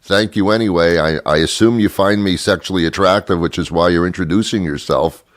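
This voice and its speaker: Deep-voiced sarcastic talk show host. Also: male voice, a little fast, no room sound, studio quality. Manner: sarcastic, rambling, mock-scolding; self-mocking asides. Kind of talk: comedic monologue.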